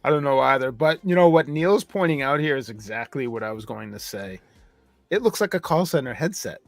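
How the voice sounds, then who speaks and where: A man's voice: medium pitch, lively intonation, brisk, creaky, dry recording. A man hosting a casual review chat, telling rambling stories with frequent restarts. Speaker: host.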